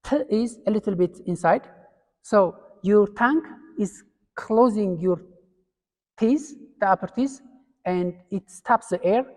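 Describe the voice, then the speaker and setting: A man's voice: high-pitched, unhurried, a little mellow. A man from Ethiopia with an Ethiopian accent, giving a classroom lecture step by step with fillers and restarts. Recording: long hall reverb.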